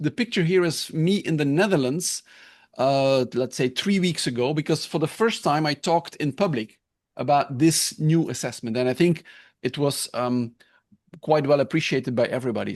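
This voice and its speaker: A man hosting a video-call webinar, explaining a new assessment tool in a loose, explanatory way and checking in with his listeners. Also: fairly high pitch. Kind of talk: online presentation.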